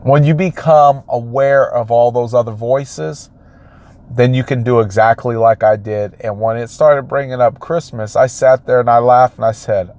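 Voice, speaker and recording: A man's voice: mid-range voice, fairly even intonation, moderate pace, a little mellow. A man, a realtor, giving an emphatic motivational talk and repeating his phrases for effect. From United States.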